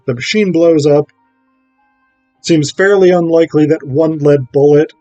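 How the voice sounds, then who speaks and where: Man, casual episode recap, rambling asides, mid-pitched, dry close sound. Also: a little mellow, no echo, low-quality recording. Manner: rambling, self-interrupting asides. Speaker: video essayist. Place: home.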